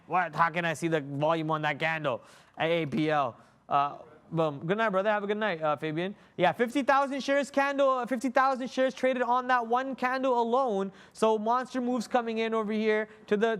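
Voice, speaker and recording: High, smooth-voiced man calling live trades. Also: normal speed. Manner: excitable, thinking aloud, many fillers and restarts. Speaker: day trading livestream host. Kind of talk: live market commentary.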